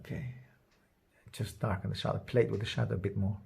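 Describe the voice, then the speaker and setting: A man giving a drawing lesson, thinking aloud as he works and trailing off into soft murmurs. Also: on the low side, little pitch movement, quick pace, vocal fry, background noise. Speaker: art teacher. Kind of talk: drawing demonstration.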